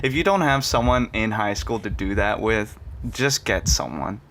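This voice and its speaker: A young man hosting a podcast in casual chat, cursing freely, laughing often and jumping into high mocking voices. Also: moderate pace, fairly bright tone, slight background noise. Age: young adult. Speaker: podcast host.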